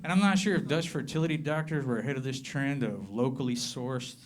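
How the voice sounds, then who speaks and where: A man's voice: medium pitch, a little fast, background noise. Southern American man doing stand-up. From southern Appalachia, USA. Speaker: stand-up comedian. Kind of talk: stand-up comedy set. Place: comedy club with live audience.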